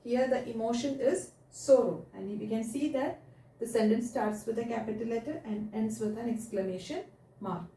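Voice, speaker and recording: A woman teacher with a slightly high, warm voice explains grammar step by step at a moderate pace, often checking with her pupils by asking "right?" The recorded lesson sounds echoey, with her voice far from the mic.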